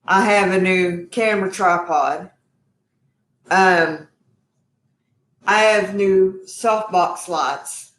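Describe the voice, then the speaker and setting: A woman's voice: fairly low pitch, extremely slow, long pauses, fairly bright tone, echoey room. A woman hosting a live cooking stream from her home kitchen, chatty and effusive, calling her viewers y'all. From Texas. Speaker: cooking show host.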